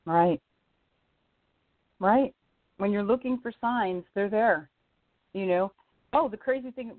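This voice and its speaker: A woman, a singer-songwriter guest, telling a personal story in lively casual chat, leaping up in pitch for quoted voices and laughing often. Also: dry recording. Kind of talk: casual storytelling on a radio interview. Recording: tinny phone line, dry.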